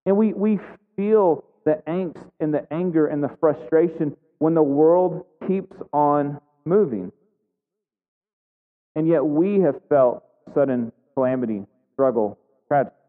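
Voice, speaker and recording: A pastor delivers a conversational sermon full of questions and restarts, speaking unhurriedly in a voice on the high side. The recording has a tinny, phone-like quality in a reverberant hall.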